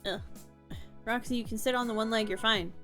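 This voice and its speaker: A woman's voice: a little high, steady tone, fairly quick, bright, forceful tone, soft background music. A young woman streamer chatting casually with her chat from home, answering comments and laughing often.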